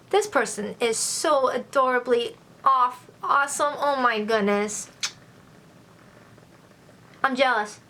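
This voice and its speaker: Gushing, excitable woman tarot reader. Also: on the high side. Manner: gushing and excitable, exclaiming as she reads. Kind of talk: casual tarot reading.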